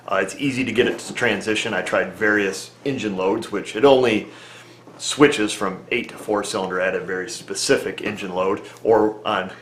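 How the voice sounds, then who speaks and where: Folksy low-voiced mechanic in an echoey room. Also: male voice, a bit bright, slight background noise. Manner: plainspoken, folksy, talks through reasoning aloud. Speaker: auto repair mechanic. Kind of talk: casual talk to camera.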